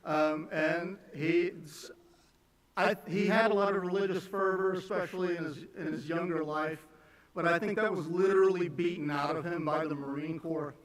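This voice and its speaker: A man speaking as a son giving a eulogy at a memorial. He is emotional and halting, restarting often between fillers. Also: on the high side, fairly even intonation. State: emotional, on the edge of tears. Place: large church sanctuary. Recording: echoey church from a distance.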